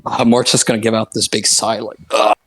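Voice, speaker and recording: A man's voice: fairly low pitch, flat delivery, a little fast, fairly bright tone, breathy edge, faint music behind. A man playing a character in a tabletop game, casually describing what his character does. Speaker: player.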